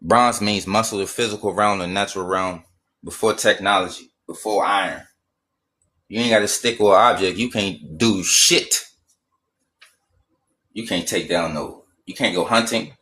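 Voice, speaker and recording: A man's voice: low voice, moderate pace, sharp tone. A man in a heated casual rant, profane and emphatic. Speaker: streamer.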